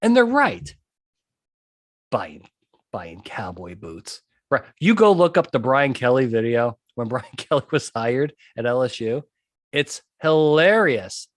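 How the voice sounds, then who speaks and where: A man's voice: medium pitch, lively intonation, measured pace, no echo, clean studio sound. A man hosting a podcast monologue who talks emphatically, repeats his key points and keeps checking in with "okay?". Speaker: podcast host and trial consultant.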